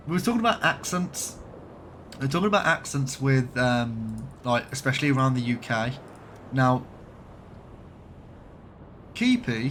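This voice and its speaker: A man's voice: mid-range voice, fairly bright tone, a little hiss or hum. A man from Birmingham with a light Birmingham accent, chatting casually and swearing now and then while live-streaming a game. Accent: light Birmingham English. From Birmingham, England.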